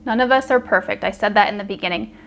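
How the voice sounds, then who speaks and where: A woman relationship coach talking straight to camera, calmly explaining, now and then acting out example lines. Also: mid-range voice, fast talker. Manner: calm, explanatory, acts out example dialogue. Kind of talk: direct-to-camera advice talk.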